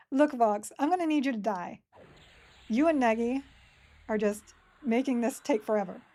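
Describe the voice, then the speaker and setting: A woman in her forties from Sydney with an Australian accent softened by years in America, chatting casually with her audience while she plays a game and answering chat between moves, her throat a bit dry. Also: on the high side, unhurried, long pauses. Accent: Australian, partly Americanized. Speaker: game streamer. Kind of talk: casual live-stream commentary while playing.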